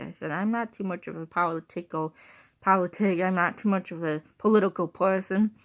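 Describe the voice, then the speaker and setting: A woman talking casually to her viewers, rambling and repeating herself, with bursts of laughter between thoughts. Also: lowish voice. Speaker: vlogger.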